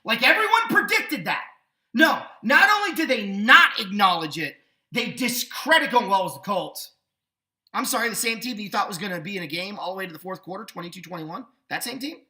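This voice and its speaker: A man's voice: high-pitched, very animated, fast talker, bright, forceful tone, echoey room. A man hosting a sports podcast, ranting indignantly with sarcasm. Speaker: podcast host. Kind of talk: sports opinion rant.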